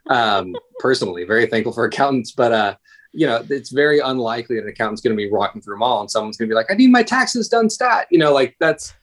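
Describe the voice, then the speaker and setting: A man in his thirties, a paramedic guest on a podcast, chatting casually in a rambling, self-interrupting way. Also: fairly low pitch. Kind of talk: casual conversation.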